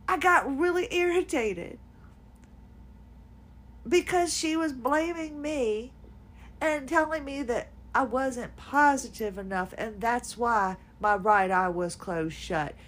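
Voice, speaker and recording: High-voiced woman venting sarcastically. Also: a bit bright. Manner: exasperated, sarcastic storytelling with laughs. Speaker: podcast host. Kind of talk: casual personal venting monologue.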